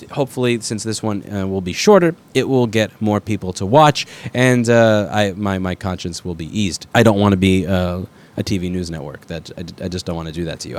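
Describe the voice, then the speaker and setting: A man who is sick with a fever, talking in a blunt, rambling, self-correcting way as he hosts a commentary video, now and then swearing. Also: lowish voice. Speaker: repair shop owner and video host. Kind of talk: casual rambling commentary to camera.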